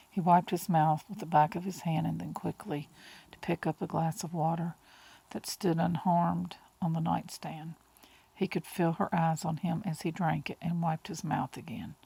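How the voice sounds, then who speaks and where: A woman reading an audiobook in a slow, hushed way, with breathy whispered words. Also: low voice, poor audio. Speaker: audiobook narrator. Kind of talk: audiobook narration.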